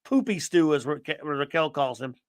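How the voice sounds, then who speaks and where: A man's voice: on the high side, animated, normal speed, no echo. A man hosting a casual live stream, rambling and sarcastic as he greets viewers and rants. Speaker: host of a live stream chat.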